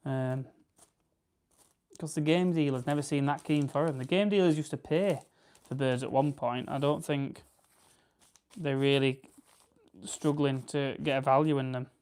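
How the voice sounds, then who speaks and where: A smooth, darkish mid-range voice, a little slow and fairly even in intonation, belongs to a young man from South Yorkshire, England. He hosts a casual livestream, plucking grouse, rambling, and reading out and answering viewer comments.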